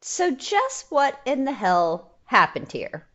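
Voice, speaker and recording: A woman with a Texas accent hosts a history podcast in a loose, chatty way. She tells her stories with a lively, animated manner. The audio sounds a little dull and muffled. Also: high-pitched, slow pace. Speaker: podcast host. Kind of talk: casual chat.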